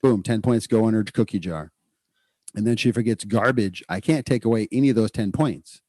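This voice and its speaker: A man hosting a podcast, explaining child behavior training in a casual, animated way and acting out what parents and kids say. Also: fairly low pitch, normal speed, no echo. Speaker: podcast host, clinician.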